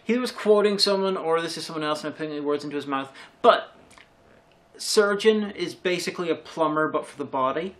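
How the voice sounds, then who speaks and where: Measured, hedging co-reviewer. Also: medium pitch. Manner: measured, hedging, many restarts. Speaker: film reviewer. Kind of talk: casual chat.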